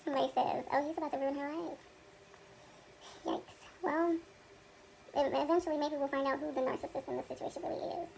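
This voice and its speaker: A woman's voice: high-pitched, steady tone, brisk, creaky, pauses often, a little mellow, a little hiss or hum, low-quality recording. A woman co-hosting a reaction video, chatting casually and reading out viewer comments, laughing often between them.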